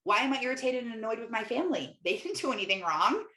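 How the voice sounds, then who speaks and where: A woman's voice: on the high side, big pitch swings, fast talker, bright, forceful tone. A young adult woman, a Christian life coach and podcast host, talking candidly in a casual monologue full of "like" fillers. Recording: echoey room.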